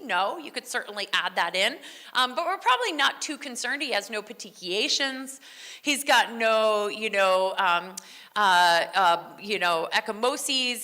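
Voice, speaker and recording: A woman's voice: on the high side, sharp tone, in a large hall. A woman who works as a veterinary technician gives a conference lecture in a conversational way, often tossing in "right?" and answering her own questions. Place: large lecture hall.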